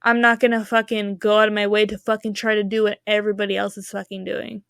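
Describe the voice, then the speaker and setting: A woman's voice: medium pitch, little pitch movement, fast talker, gravelly, fairly bright tone, clean tone, dry recording, studio quality. A young woman co-hosting a podcast in casual chat, ranting with heavy swearing. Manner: profane, ranting, heated. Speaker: podcast co-host.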